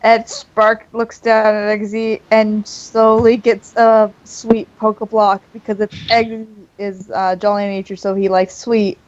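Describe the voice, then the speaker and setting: A woman's voice: medium pitch, flat delivery, measured pace, few pauses, a little mellow, no room sound, muffled recording. A woman playing in a tabletop game, describing her character's actions step by step. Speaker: player.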